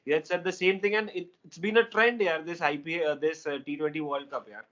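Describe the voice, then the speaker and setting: Excitable high-voiced Indian man. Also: fast talker, lo-fi sound. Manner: excitable, laughing, mixes in Hindi. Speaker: co-host. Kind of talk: casual cricket chat.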